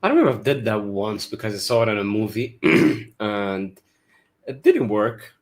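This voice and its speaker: A man's voice: fairly low pitch, very animated, normal speed. A man in a casual podcast chat, laid-back and tired-sounding. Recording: faint background noise.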